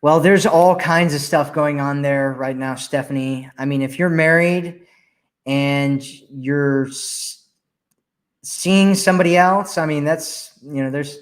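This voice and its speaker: A man's voice: fairly high pitch, takes it slowly. A man hosting a live question-and-answer stream as a dating coach, reading viewer comments aloud and answering them emphatically, repeating his key points.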